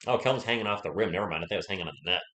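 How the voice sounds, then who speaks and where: A man's voice: low-pitched, racing, bright, forceful tone. A man with a sore throat and a cough, hosting a casual live play-by-play stream and chatting with viewers between plays.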